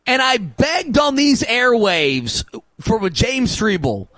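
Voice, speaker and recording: A man hosting a sports radio show in a studio, talking in animated, preachy banter. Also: very high voice, takes it slowly, dry recording. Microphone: studio microphone.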